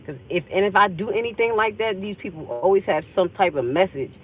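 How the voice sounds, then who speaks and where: This livestream host has a husky, mid-range voice, expressive and brisk. She rambles with intensity through an emotional story from her own life, performing the conversations as she recalls them, all over tinny, phone-like audio.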